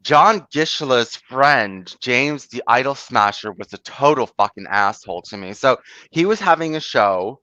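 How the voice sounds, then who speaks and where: A man's voice: mid-range voice, animated, unhurried, pushed and bright, dry recording. Man, casual host chat, rambling, profane, dry close mic, dull lo-fi sound. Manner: rambling, lots of "like" and "you know", swears freely. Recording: dull, muffled lo-fi audio.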